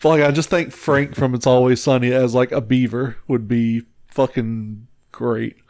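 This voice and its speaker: A man co-hosting a podcast in casual chat, laid-back and quick with short agreeing replies. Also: medium pitch, fairly even intonation, darkish tone, no echo, clean studio sound. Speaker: podcast co-host.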